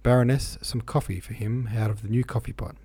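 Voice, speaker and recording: A man's voice: mid-range voice, steady tone, a little fast, mellow, husky. A man reading a novel aloud, voicing a rowdy, boisterous young lieutenant.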